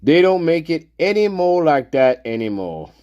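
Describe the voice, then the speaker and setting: A man's voice: a little high, big pitch swings, normal speed, warm tone, no echo, muffled recording. A man hosting a livestream, rambling in a giggly, profane way, repeating phrases and sometimes dropping to a whisper. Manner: drops to whispers at times. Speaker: livestream host.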